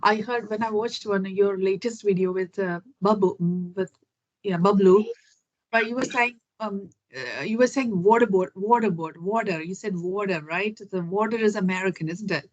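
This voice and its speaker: A woman with a mid-range voice and moderate pace hosts a video-call English conversation session, heard through lo-fi sound. She asks curious questions in a chatty manner, using many fillers and restarting often.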